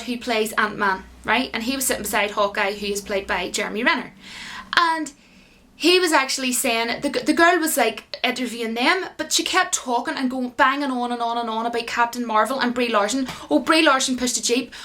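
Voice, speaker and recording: Indignant high-voiced woman ranting. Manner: indignant, animated, talks to viewers as guys. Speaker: YouTube commentator. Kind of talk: ranting vlog commentary.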